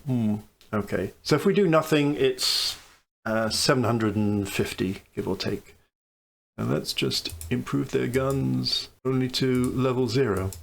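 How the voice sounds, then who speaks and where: A man with a gravelly, creaky voice at a middle pitch talks through a naval strategy game, weighing each option aloud. His commentary is casual and musing, with dry, wry asides. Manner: thinking aloud, musing over choices. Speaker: let's play commentator.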